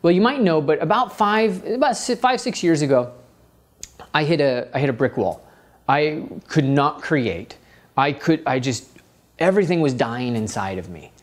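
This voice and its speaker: A middle-aged man who teaches art, telling a personal story and acting out his own inner voice. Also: a little high. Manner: animated, acts out his inner voice.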